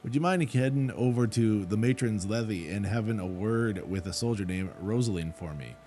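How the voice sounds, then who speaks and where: A man reading out a gruff, rustic woman who runs a chocobo ranch in a fantasy game, with blunt folksy speech. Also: fairly low pitch, very animated, normal speed, darkish tone. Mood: indignant.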